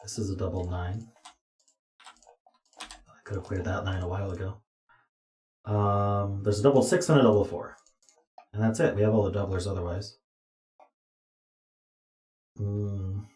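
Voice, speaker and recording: A man's voice: lowish voice, fairly even intonation, a little slow, long pauses, darkish tone. A tired man streaming himself as he thinks aloud through a puzzle, muttering to himself with dry asides. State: tired, yawning. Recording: roomy echo.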